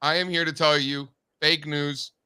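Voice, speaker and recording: A male host with a bright, tense edge to his voice and a smooth, clear tone. He jokes around fast with his co-hosts and rattles through market quotes. His pitch sits a little high. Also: level tone. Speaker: show host. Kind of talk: casual market chat.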